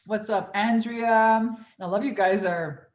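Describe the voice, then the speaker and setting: A woman's voice: mid-range voice, fairly even intonation, slow pace, muffled recording. A young adult woman coaching on a livestream, casually reading viewer comments aloud and swearing freely as she talks. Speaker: business coach hosting a livestream Q&A. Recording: echoey room.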